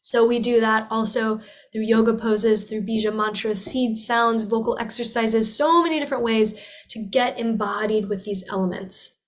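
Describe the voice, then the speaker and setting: A young woman teaches voice in an earnest, flowing way, with a fairly high speaking pitch. She breaks off to demonstrate with sighs and sung vowels. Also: steady tone, moderate pace. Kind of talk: teaching talk with vocal demonstrations.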